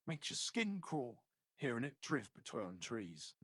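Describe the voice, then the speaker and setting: A man with a Scottish accent voicing a nervous male woodsman in a tabletop game, stammering and sinking into hushed tones. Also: mid-range voice, big pitch swings, unhurried, husky, no echo, studio quality, heavily acted. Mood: uneasy. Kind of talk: in-character tabletop role-play.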